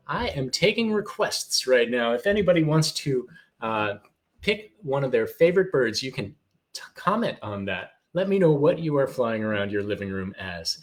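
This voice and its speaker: A man's voice: medium pitch, sing-song, normal speed. A man teaching a live online music class for small children, cheerfully talking and singing along in a playful way. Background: guitar strumming.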